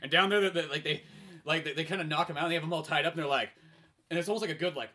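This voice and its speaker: A young man co-hosting a podcast, rambling excitedly through a film's plot with lots of fillers, putting on voices and laughing. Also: a little high, very fast. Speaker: podcast co-host. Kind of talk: casual chat, retelling a film plot.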